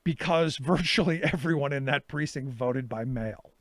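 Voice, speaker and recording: A man's voice: mid-range voice, moderate pace, fairly bright tone, no room sound. A middle-aged male talk show host telling a story in a casual monologue and acting out his own exchanges.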